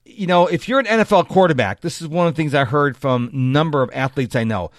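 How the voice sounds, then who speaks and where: A man's voice: a little high, fast talker, no room sound, clean studio sound. A man hosting a solo podcast, talking straight to his listeners in a chatty, self-correcting way. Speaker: podcast host. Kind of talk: solo motivational podcast monologue.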